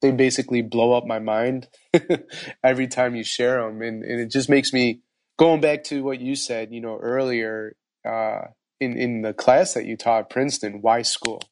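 A man's voice: medium pitch, normal speed. Podcast host guy, chatty, tells a story with lots of ums. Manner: animated storyteller, frequent fillers. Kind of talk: casual interview chat.

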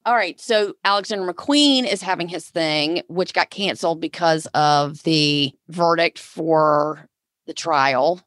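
Low-voiced woman teasing her co-host. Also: a little slow, a bit bright, dry recording, studio quality. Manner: teasing, laughing banter. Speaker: podcast co-host, stylist. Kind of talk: casual chat.

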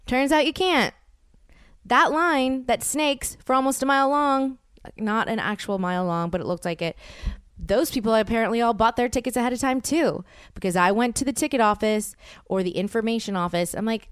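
Podcast host, woman in her 30s, rambling and animated, smooth voice, dry close mic. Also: fairly high pitch, moderate pace, dry recording. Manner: rambling, animated storytelling with quoted asides. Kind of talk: solo storytelling podcast.

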